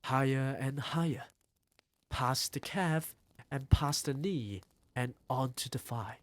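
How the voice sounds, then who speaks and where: A man reads a storybook aloud on a live stream at an unhurried pace. His pitch sits in a middle range, and he narrates with care. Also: expressive, no room sound. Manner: slow, deliberate narration with acted-out quotes. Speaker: streamer reading a novel aloud.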